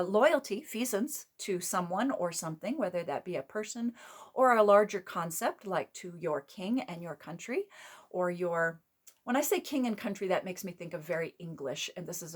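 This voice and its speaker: A woman hosting her own channel and giving a casual, rambling lesson, with fillers and self-corrections along the way. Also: mid-range voice. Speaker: host. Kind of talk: casual teaching talk.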